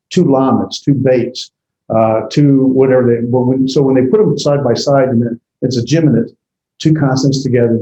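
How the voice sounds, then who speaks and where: A man's voice: medium pitch, warm tone, highs cut off, a little hiss or hum. Tired man lecturing in an echoey room. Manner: rambling, many fillers and restarts. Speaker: instructor. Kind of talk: classroom lecture.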